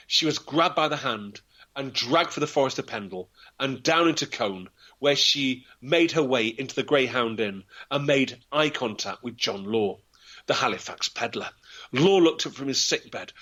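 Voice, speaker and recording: A male storyteller with a lively, animated delivery that rises and falls dramatically. His voice is bright and forceful yet husky, pitched a little high. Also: measured pace. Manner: theatrical, vivid, acts out voices. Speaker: local historian storyteller.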